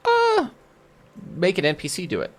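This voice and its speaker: A high-pitched man with huge pitch swings and a moderate pace answers viewers' questions as a game master in casual chat. He restarts his sentences while thinking aloud and explains through his own campaign.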